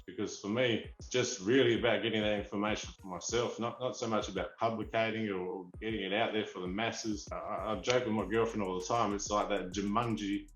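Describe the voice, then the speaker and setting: A man's voice: fairly low pitch, echoey room, dull audio. Eager Australian man telling stories. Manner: eager, rambling, restarts often. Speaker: figurine collector, guest. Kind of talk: casual interview storytelling.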